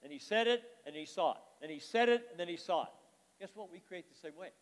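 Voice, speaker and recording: A man preaching a sermon, reading scripture aloud and questioning the congregation, his volume swinging from emphatic to quiet. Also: high voice, expressive, fast talker. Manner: reads scripture aloud, then explains it with rhetorical questions to the congregation; swings between loud emphatic lines and soft, quiet asides. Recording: long hall reverb.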